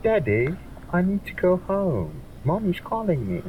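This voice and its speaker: A man's voice: sits high, very animated, a little slow, phone-quality sound, pitched above the performer's own voice. A man doing a British half-octopus little girl. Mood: sweet. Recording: distant mic with faint background noise.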